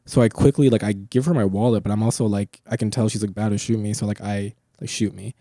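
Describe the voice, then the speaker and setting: Young guy on a podcast, kinda low dark voice, dry mic, just rambling with tons of swearing and fillers. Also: fairly even intonation, quick pace, dry recording. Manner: rambling storyteller, heavy swearing and filler words. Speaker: podcast host. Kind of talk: casual chat.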